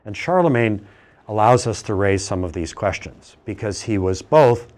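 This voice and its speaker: Animated lecturing man, lowish voice. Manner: animated, teasing, asks questions to the class. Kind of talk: classroom lecture.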